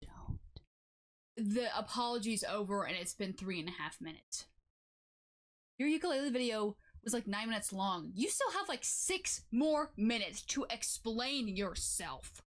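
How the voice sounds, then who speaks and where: A young woman giving a sarcastic, exasperated reaction commentary, jumping up in pitch to make her points. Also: expressive, a little slow. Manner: sarcastic, exasperated, swings high for emphasis. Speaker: commentary YouTuber. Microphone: home mic with noise suppression.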